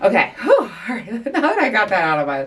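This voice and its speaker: A middle-aged woman hosting her own podcast, talking candidly and excitably, a little out of breath, with sighs and laughs. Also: medium pitch, brisk, recorded from a distance. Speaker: podcast host. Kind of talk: casual chat.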